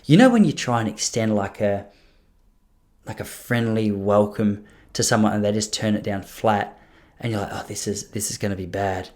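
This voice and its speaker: A man's voice: lowish voice, normal speed. A man, hosting a podcast and telling a long anecdote in a casual, self-mocking way, often restarting his sentences. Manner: animated, self-mocking storyteller, rambling with frequent restarts. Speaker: podcast host. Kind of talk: casual storytelling monologue.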